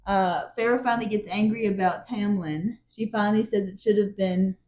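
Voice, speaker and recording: A woman's voice: medium pitch, steady tone, normal speed, darkish tone, reverberant. A woman co-hosting a book podcast, chatting casually and tossing in playful reactions. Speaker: podcast co-host.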